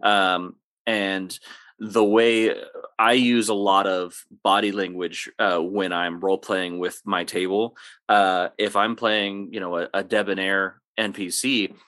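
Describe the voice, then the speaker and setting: A man's voice: deep voice, takes it slowly, no room sound, clean studio sound. A man who runs tabletop games, chatting casually on a podcast and giving advice, rambling along with lots of fillers. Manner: relaxed, rambling with many fillers. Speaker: game master.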